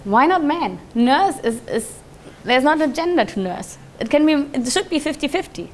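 High-voiced woman giving a lively talk. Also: moderate pace, slight background noise. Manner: laughs often while telling stories; lively, with frequent restarts and fillers. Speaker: conference speaker. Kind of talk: live talk with audience questions.

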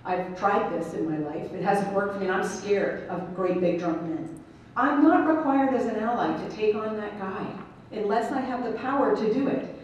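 A woman gives a conference keynote at normal speed in a mid-range voice, telling an animated, funny story and voicing the people in it. Recorded from a distance in a large, echoey hall, the audio has its highs cut off and a little background noise.

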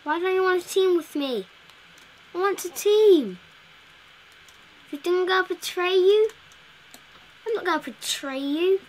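A woman's voice: extremely high pitch, lively intonation, unhurried, pauses often. A woman giving casual, playful commentary while playing a video game, chatting to the characters on screen. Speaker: gameplay video host.

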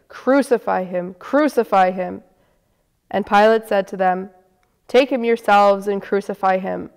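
Woman, Good Friday scripture reader, smooth clear voice, unhurried, long church reverb. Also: medium pitch.

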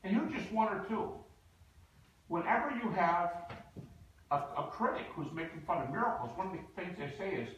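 A man giving an emphatic, animated lecture with stories, acting out the people he quotes. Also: high-pitched, normal speed, long pauses, lo-fi sound, slight background noise. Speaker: guest lecturer. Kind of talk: lecture with storytelling. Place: university lecture hall. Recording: echoey hall, distant mic.

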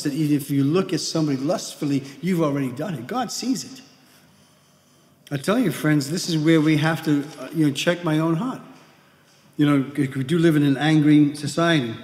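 A man's voice: on the high side, a little mellow. A male pastor preaching a sermon in a conversational way, often repeating himself and acting out little scenes. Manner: conversational preaching with repetitions and acted-out whispered gossip. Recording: echoey hall with long reverb.

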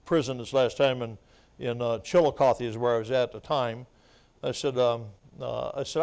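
A male evangelist preaching at a revival, telling his testimony and building up to loud, fervent preaching punctuated with amen and laughter, at times choked up with tears. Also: medium pitch, steady tone, normal speed, vocal fry. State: choked up, weeping. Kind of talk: revival sermon.

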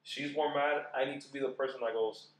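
A man chatting as a podcast guest about marriage, animated and acting out quoted voices as he talks. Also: mid-range voice, brisk, echoey room, poor audio. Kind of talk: casual podcast chat.

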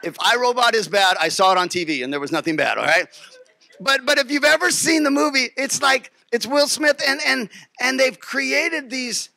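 A man preaching a sermon as pastor, animated and emphatic, repeating phrases and putting questions to the congregation. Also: very high-pitched, moderate pace, gravelly, no echo. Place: church.

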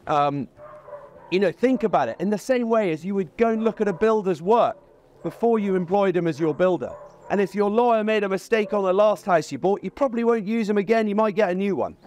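A man's voice: high voice, fairly quick, darkish tone, slight background noise. A man giving a chatty, plain-spoken dog training lesson outdoors by a pond.

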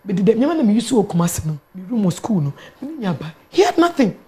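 A woman with a Ghanaian accent, a guest telling her own story in an interview, animated and quick to laugh, mixing local words into her English. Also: mid-range voice. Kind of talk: candid personal storytelling in an interview.

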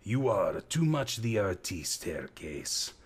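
A man's voice: low-pitched, very animated, slow, breathy edge, exaggerated voice. A man voicing an ugly old male bartender who grunts and teases in broken English. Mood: needling.

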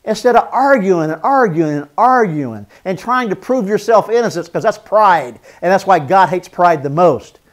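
A man's voice: sits high, lively intonation, normal speed, few pauses. A man teaching a marriage seminar as a pastor, earnest, repeating phrases for emphasis and acting out spoken apologies.

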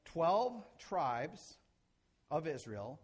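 A middle-aged male pastor delivers a sermon in a voice that sits a little high for a man and rises and falls with great liveliness. He acts out little scenes, swinging between loud bursts and hushed, intimate lines. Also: very slow, breathy edge. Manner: animated, acts out quotes and shifts loud to soft.

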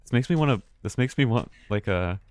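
A man's voice: mid-range voice, lively intonation, brisk, darkish tone. An American man giving live, chatty commentary while streaming a horror game, often restarting words and swearing casually. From United States.

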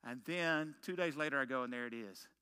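A man's voice: mid-range voice, brisk, bright, forceful tone, clean tone. A middle-aged man preaching a sermon as pastor, telling a story with self-mocking humor and punchy rhetorical questions.

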